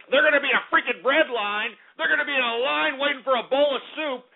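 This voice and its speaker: Ranting high-voiced male radio host. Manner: angry, ranting, profane and insulting. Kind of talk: call-in radio rant. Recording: tinny phone-like radio audio.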